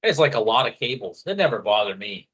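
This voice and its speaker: A man telling a story in casual chat, animated and profane, slipping into quoted voices. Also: mid-range voice, a little fast, breathy edge. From a foreigner living in Thailand.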